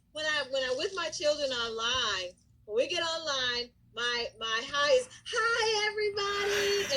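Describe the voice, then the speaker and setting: Animated woman telling a story, high voice. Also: poor audio. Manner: animated, lively storyteller who breaks into excited shouts and acts out quotes. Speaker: school counselor. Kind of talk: casual storytelling to camera.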